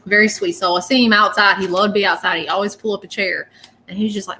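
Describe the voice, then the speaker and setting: A woman's voice: mid-range voice, steady tone, brisk, pushed and bright, a little hiss or hum, low-quality recording. A woman giving psychic readings on a livestream, chatty, rambling and often apologetic. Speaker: psychic reader.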